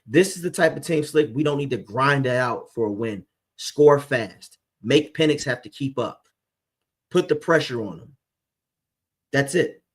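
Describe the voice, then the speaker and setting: A man's voice: medium pitch, expressive, unhurried, breathy edge. A man hosting a live sports fan stream, making emphatic game predictions and calling his co-host by name.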